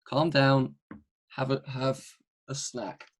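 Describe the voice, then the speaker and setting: Young male host, rough husky voice, cheeky and playful. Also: mid-range voice, little pitch movement, slow pace. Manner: teasing, playful, laughs often. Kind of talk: casual football chat.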